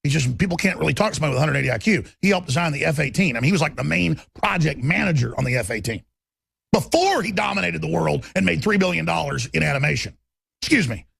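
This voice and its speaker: A man's voice: a little high, animated, fast, vocal fry, a bit bright, husky, no echo, clean studio sound. A man hosting a talk radio show, delivering a combative, emphatic monologue.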